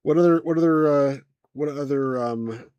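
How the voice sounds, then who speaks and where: A man's voice: fairly high pitch, normal speed, a little mellow, smooth, no echo, muffled recording. A man hosting a casual let's play, chatting loosely and muttering asides to himself. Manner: laid-back, mumbles asides to himself. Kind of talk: casual gameplay chat.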